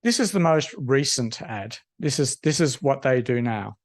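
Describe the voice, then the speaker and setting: A man giving a university lecture, halting and full of ums. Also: mid-range voice, animated. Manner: halting, lots of ums and restarts. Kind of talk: academic lecture.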